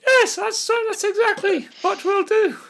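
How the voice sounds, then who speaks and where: A man putting on a shrill falsetto old woman. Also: fairly even intonation, unhurried, creaky, a bit bright, full character voice. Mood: eager. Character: high shrill older woman ally.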